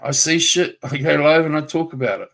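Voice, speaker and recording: A man's voice: a little high, a little fast, gravelly, fairly bright tone. A man ranting on his livestream, taunting a rival directly, swearing and repeating himself. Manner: confrontational, taunting, profane. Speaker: YouTube livestreamer. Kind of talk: livestream rant.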